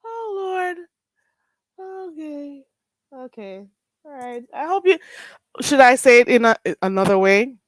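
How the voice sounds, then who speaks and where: Her voice sits high, and she speaks at a measured pace with frequent pauses, with no echo. This Jamaican-accented livestream host reads chat aloud casually, laughing and exclaiming with animation.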